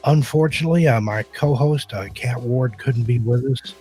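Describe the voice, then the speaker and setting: A laid-back man hosts a casual live-stream chat. He welcomes viewers one by one in an unhurried, chatty way. Faint music plays behind him. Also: medium pitch, husky. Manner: relaxed, greets viewers one by one. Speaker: host.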